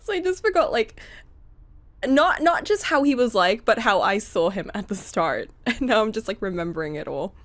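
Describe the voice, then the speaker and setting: A woman's voice: medium pitch, lively intonation, normal speed. A woman chatting casually while playing a story game, giggly and rambling, correcting herself as she goes. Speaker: game co-player.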